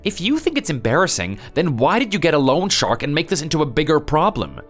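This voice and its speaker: A man's voice: fairly high pitch, sing-song, brisk, soft background music. A man voicing a weary, defensive husband in a dramatized story. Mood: exasperated. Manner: defensive, exasperated. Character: weary husband who had an affair.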